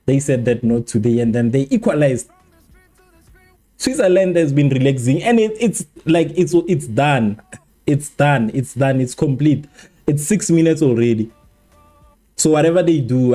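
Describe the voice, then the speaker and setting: A man hosting a live football watchalong stream, chatting casually and animatedly with his viewers, repeating himself and joking. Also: mid-range voice. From South Africa. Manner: animated, repetitive, joking with chat. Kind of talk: casual match watchalong commentary.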